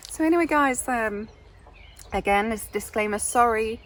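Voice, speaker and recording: Middle-aged Englishwoman, rambling and self-mocking podcast co-host, higher voice, faint insect noise behind. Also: normal speed, a bit bright. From England. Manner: chatty, meandering, self-deprecating. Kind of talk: casual chat.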